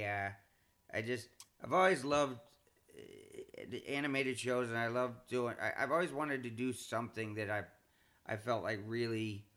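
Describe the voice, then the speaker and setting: A male comedian talks in a bright, forceful voice of middling pitch. He keeps restarting his sentences and repeating words, and his voice springs higher whenever he gets excited. The tone stays casual, like a podcast chat. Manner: animated, jumps in pitch when excited. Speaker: comedian and show creator.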